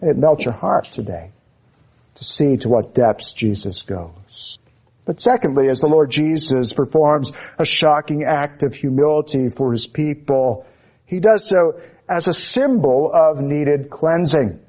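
A man preaching an expository sermon, his voice sitting a little higher than most men's. He talks with fervent, emphatic conviction and often slows right down to press a phrase home. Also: animated, a little mellow.

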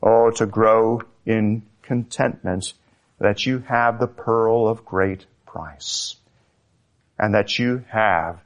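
A man preaching a sermon, slow and emphatic, lifting his voice to stress key words. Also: on the low side. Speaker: pastor.

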